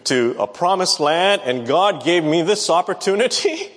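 Man preaching, conversational, quizzes the congregation, somewhat high voice, long hall reverb. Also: lively intonation, moderate pace, hardly any pauses. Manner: conversational, questions the audience. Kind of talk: Bible teaching sermon.

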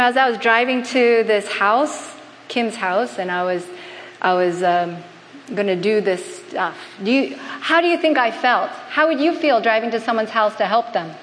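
A woman who is a preacher and health missionary delivers a sermon in a church hall, frequently asking the congregation questions to draw them in. Her voice is fairly high with a fairly bright tone. The hall is reverberant, with faint background noise.

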